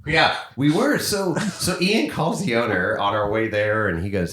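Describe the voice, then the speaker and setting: A man's voice: medium pitch, measured pace, few pauses, roomy sound, noisy background. A man hosting a podcast, casually telling a road trip story and acting out the voices of people he quotes. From United States. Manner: animated, acts out quoted voices. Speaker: podcast host.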